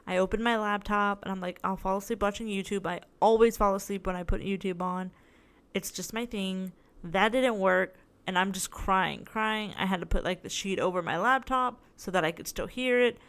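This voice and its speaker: Young female podcast host, casual rambling storyteller, smooth clear tone, tired and sore. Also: medium pitch, moderate pace, a bit bright. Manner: rambling, chatty storytelling with many "like"s. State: tired, in tooth pain. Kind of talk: casual solo podcast chat.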